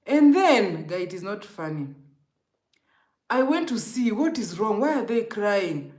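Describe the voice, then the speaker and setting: A woman's voice: mid-range voice, sing-song, a little slow, darkish tone, echoey room. A Kenyan woman telling an emotional, rambling storytime to her viewers, often calling them guys. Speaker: vlogger. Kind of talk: storytime vlog.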